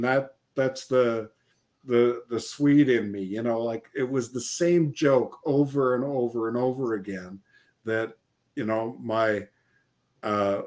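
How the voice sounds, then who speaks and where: A man's voice: mid-range voice, darkish tone. Regular guy cohosting a live call-in chat, laughs a lot, keeps restarting his sentences, sounds like a video call. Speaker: co-host. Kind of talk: casual chat.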